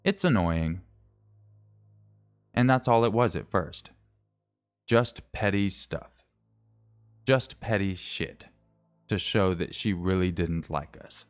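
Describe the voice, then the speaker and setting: Low-voiced guy reading a creepy story on stream, casual, fixes his slips as he goes. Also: slow pace, long pauses, soft background music. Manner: casual reading with self-corrections and wry asides. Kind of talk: reading a scary story aloud.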